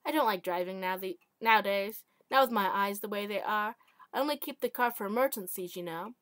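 A woman's voice: mid-range voice, brisk, a bit bright, no echo, natural voice. A woman voicing a chatty, lonely old widow in a self-read short story.

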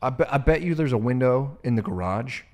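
A young man giving excitable, swear-filled let's play commentary on a horror game, yelping and shouting at scares. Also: medium pitch, fairly quick. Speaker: gamer.

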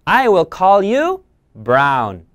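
A woman voicing a cheerful little girl with a new puppy, speaking in an excited, drawn-out, sing-song way while reading a picture book aloud. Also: fairly low pitch, dry recording, exaggerated voice. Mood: delighted.

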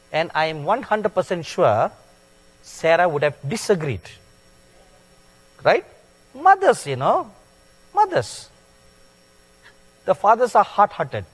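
A man preaching a sermon in a slow, deliberate way, stressing words with sudden loud peaks. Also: on the high side. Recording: long hall reverb.

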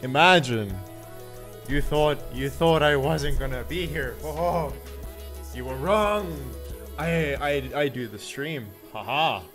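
A man streaming live in casual chat, greeting viewers by name and laughing often as he swings from loud yelps to mumbles. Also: a little high, animated, takes it slowly, pauses often. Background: faint looping music.

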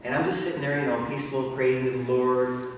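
A middle-aged man preaching a sermon as pastor, animated and bursting into shouts when he acts out crowds and drill sergeants. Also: mid-range voice, fast talker, a little hiss or hum. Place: church sanctuary. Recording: echoey hall, mic from a distance.

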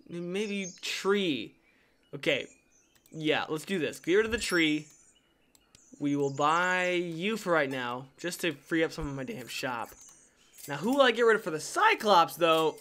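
A man gives casual, jokey gameplay commentary, talking to the game as if it could hear him. His pitch swoops up and down all the time. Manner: animated, jokey, talks to the game pieces. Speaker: gaming YouTuber.

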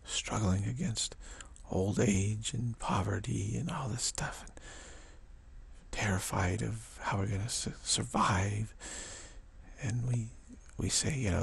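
Gravelly low-voiced man musing softly. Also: takes it slowly. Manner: musing, repeats words, acts out quoted voices. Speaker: spiritual teacher. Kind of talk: casual spiritual talk. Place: outdoors in the evening.

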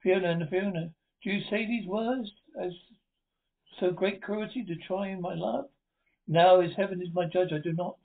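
A man reading the part of a bewildered young gentleman suitor, earnest in tone. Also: sits high, fairly even intonation, moderate pace, vocal fry. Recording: tinny phone-like audio.

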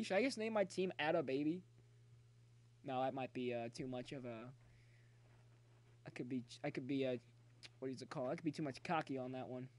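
A man's voice: medium pitch, fairly quick, pauses often, no echo. A young man streaming a baseball video game, commenting live, cheering his players and chatting to his viewers. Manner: excitable, talks to chat, cheers players on. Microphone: phone.

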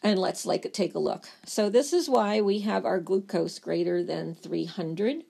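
A woman lecturing on body systems, telling the material as a playful, animated story. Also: fairly low pitch, unhurried, vocal fry, breathy edge. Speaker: nursing lecturer.

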